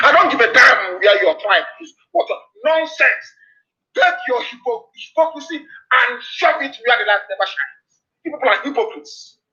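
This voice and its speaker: An activist broadcaster with a Nigerian English accent gives a fiery political speech, denouncing his targets and warning again and again. His unusually high voice has a bright, tense edge that cuts through. The audio sounds dull and lo-fi, like a rebroadcast.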